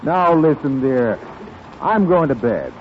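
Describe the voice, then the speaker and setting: A man's voice: mid-range voice, very animated, slow pace. A man playing a meek, put-upon husband in a 1930s radio comedy sketch, protesting in a bewildered way, on a dull, crackly broadcast recording.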